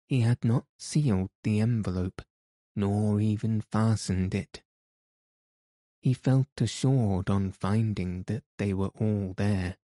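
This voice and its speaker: A man reading a novel aloud in steady, deliberate scripted narration. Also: lowish voice, no room sound, clean studio sound. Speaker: audiobook narrator.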